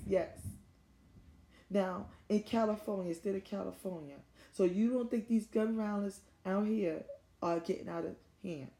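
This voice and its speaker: Her voice is medium-pitched, gravelly and mellow, heard in a room with roomy echo. She's a distressed, middle-aged woman from the United States, looking into the camera and urgently repeating her plea as a grieving mother.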